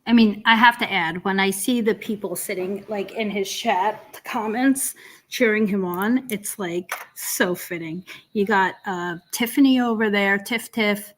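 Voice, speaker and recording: A woman's voice: medium pitch, measured pace. A woman hosting a casual commentary stream, rambling with lots of ums and restarts in an exasperated, sarcastic tone. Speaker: host of a drama commentary stream.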